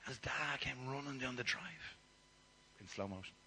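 A man preaching a sermon, telling the story with animated shifts from loud to near-whispered asides. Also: medium pitch, brisk, slight background noise, poor audio.

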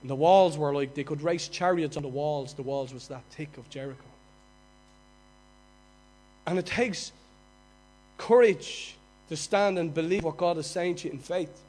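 A man with a Dublin accent preaching a sermon, moving from quiet, conversational asides to loud, mocking outbursts. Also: high-pitched, a little fast, rough recording. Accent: Dublin Irish. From Dublin, Ireland.

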